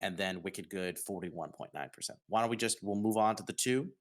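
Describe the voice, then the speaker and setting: A man from New York hosting a casual podcast, announcing results with dramatic pauses. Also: low-pitched. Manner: upbeat, dramatic pauses on reveals. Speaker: host.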